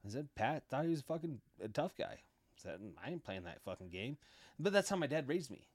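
A middle-aged man on a podcast, talking with a blunt, swaggering edge. He swears constantly and boasts as he tells his stories. His voice sits at an ordinary pitch. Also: very animated, fairly quick, no echo. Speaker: podcast guest. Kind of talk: casual storytelling.

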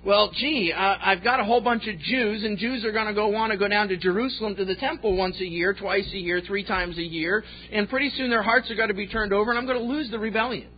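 A man's voice: high voice, fast talker, few pauses, breathy edge. A man voicing a scheming ancient king who muses worriedly in a conversational way, on a slightly dull recording.

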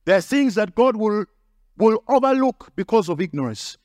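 High-voiced preaching pastor, dry sound. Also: male voice, lively intonation, moderate pace, darkish tone, no room sound. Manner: emphatic preaching with repetition and acted quotes. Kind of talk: sermon.

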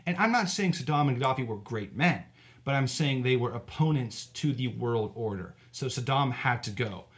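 A man's voice: mid-range voice, lively intonation, moderate pace. An opinionated man co-hosting a casual podcast, in a middle-range voice. He argues his point and piles up rhetorical questions as he goes. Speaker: podcast co-host.

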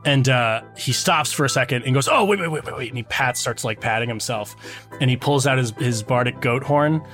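A man narrating his character's actions in a tabletop game, casual and halting. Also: mid-range voice, fairly even intonation, fairly bright tone, soft background music. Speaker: player.

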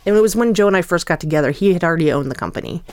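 A woman with a lower voice co-hosting a podcast in casual chat. She is talkative and encouraging, prompting her partner along. The sound is dry and close. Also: animated, racing, a little mellow, dry recording. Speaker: podcast co-host.

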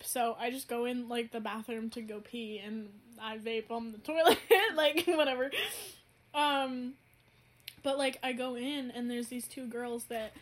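A young woman co-hosting a podcast, chatting casually in a laid-back way, swearing freely and laughing often. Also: fairly high pitch. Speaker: podcast co-host. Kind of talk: casual chat.

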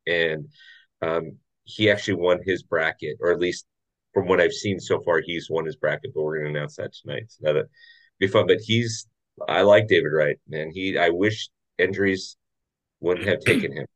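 A man hosting a relaxed podcast, his voice sitting on the low side. He jokes and laughs readily, keeping the tone friendly and loose. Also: normal speed, low-quality recording. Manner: friendly, jokey, laughs often. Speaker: podcast host. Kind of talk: casual podcast chat.

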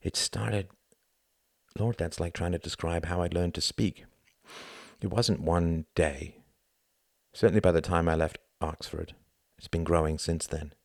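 A man's voice: deep voice, steady tone, a little slow, gravelly, long pauses, no echo, clean studio sound. A man reading aloud and voicing a guarded young Englishman who talks in a wry, weary, self-mocking way. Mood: brooding.

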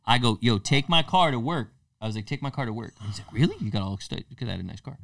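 Man, casual podcast chat, animated storytelling, restarts, distant mic, dry room. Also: mid-range voice, fast, creaky, no room sound. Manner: animated storyteller, acts out quotes, many restarts. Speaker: podcast co-host.

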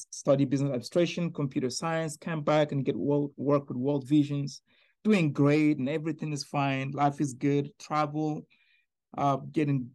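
Man, podcast guest, earnest testimony, animated storytelling, fairly high voice. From Niger. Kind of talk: personal faith testimony, casual storytelling.

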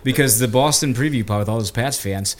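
Swearing, excitable sports podcast man. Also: medium pitch, a little fast, slight background noise. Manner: excitable, swears freely, talks over others. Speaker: podcast co-host. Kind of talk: casual sports podcast chat.

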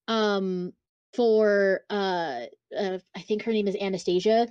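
A woman's voice: mid-range voice, unhurried, a little mellow, clear, resonant tone, no room sound, dull audio. A woman co-hosting a casual podcast, talking bluntly and swearing freely as she reads book excerpts aloud. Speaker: podcast co-host. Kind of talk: casual chat.

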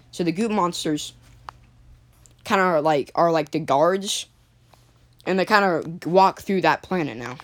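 A woman with a somewhat low voice tells an improvised story in a loose, rambling way. She backtracks and restarts often, and keeps clearing her throat from a cough. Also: slow, long pauses. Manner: rambling, many fillers and restarts.

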